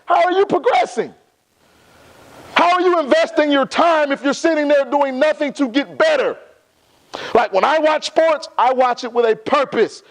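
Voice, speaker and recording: A man's voice: very high-pitched, moderate pace. A young man giving a motivational talk to a live audience, emphatic and repeating phrases for effect. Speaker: motivational speaker.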